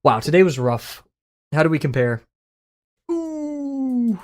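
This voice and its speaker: A streamer chatting casually and excitedly with viewers, laughing often and swearing freely while reacting to chat. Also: medium pitch, fairly quick.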